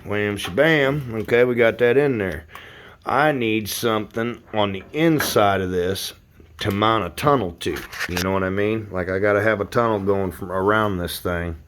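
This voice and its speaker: Man, somewhat low voice, rambling and swearing, frustrated, home garage, phone mic. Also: normal speed, a bit bright, slight background noise. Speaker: hobby car builder, roofer. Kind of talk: casual workshop vlog.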